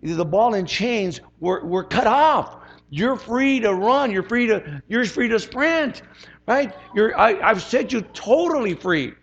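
A man's voice: high-pitched, animated, takes it slowly, vocal fry, muffled recording. A man preaching as a pastor, conversational and emphatic, often repeating his phrases. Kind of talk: sermon.

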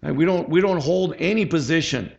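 A middle-aged pastor preaches a conversational sermon, chatting casually and asking the congregation for amens. His voice is on the high side, gravelly and darkish, and fairly quick. The recording sounds dull and lo-fi.

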